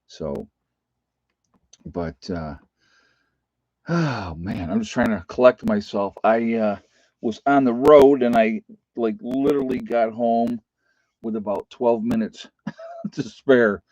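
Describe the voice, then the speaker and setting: Man, middle-aged, low pitch, rambling folksy chat, dry, muffled lo-fi sound. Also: slow, pauses often, a little mellow, no echo. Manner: rambling, folksy, many fillers. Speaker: livestream host. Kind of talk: casual live-stream chat. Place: rural home. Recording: dull lo-fi stream audio.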